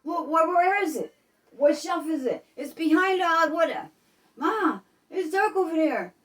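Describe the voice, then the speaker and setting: A woman playing a panicky grown child who stammers and begs her mother for help in the dark. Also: extremely high pitch, animated, a little slow, pitched above the performer's own voice, exaggerated voice. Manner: frantic, stammering, whiny. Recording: voice a little far from the mic.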